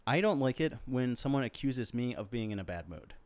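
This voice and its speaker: A man in his thirties co-hosting a podcast, talking in casual, animated banter and swearing now and then. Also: mid-range voice, brisk, no echo. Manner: animated, swears, acts out others in quoted voices. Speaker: podcast co-host.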